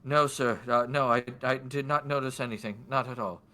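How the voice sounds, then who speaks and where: A man's voice: mid-range voice, steady tone, normal speed, pushed and bright, lightly acted. A man voicing a nervous woman of the house who stammers and hesitates.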